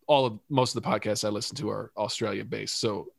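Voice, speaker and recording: A man's voice: lowish voice, fairly even intonation, quick pace, vocal fry, dry recording, studio quality. A man co-hosting a casual podcast chat, rambling with stumbles and restarts and laughing often. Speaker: podcast co-host.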